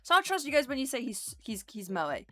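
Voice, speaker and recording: A woman's voice: high-pitched, very animated, brisk, fairly bright tone. A woman streamer chatting casually with her viewers, rambling and giggly as she drifts into tangents. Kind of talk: casual livestream chat with viewers.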